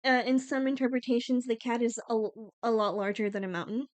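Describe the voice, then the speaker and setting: A woman's voice: on the high side, a little fast, no echo. A young woman from Iceland chatting casually on a livestream, giggling often and using lots of fillers.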